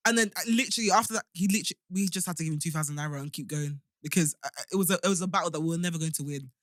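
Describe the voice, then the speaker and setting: A woman's voice: sits low, racing, no room sound, studio quality. A young woman with a London accent, co-hosting a podcast and telling stories in casual chat, acting out the voices of people she met. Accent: London English. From England. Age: young adult. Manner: animated storyteller, acts out voices. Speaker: podcast co-host.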